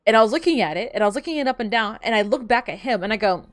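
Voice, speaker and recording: Speaking fast with few pauses, this woman streamer rambles through filler-heavy stories as she plays a game and chats casually. Her pitch is medium. The sound is clean studio audio with no echo.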